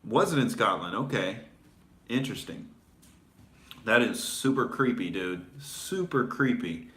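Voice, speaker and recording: A man's voice: fairly low pitch, bright, forceful tone. A male comedian hosting a casual commentary show, rambling with fillers and restarts in a sarcastic tone. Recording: echoey room.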